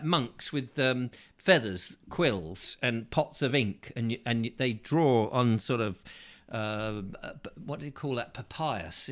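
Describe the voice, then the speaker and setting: A man's voice: medium pitch, bright, forceful tone. A man hosting a casual show, reading out viewer comments in a playful, rambling way that keeps slipping into silly voices. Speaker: host.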